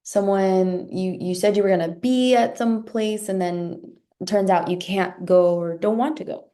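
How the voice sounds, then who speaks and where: A thirtysomething life coach and podcast host gives an earnest motivational talk in a warm, medium-pitched, unhurried voice. She often repeats words and caps her thoughts with a rhetorical "right?".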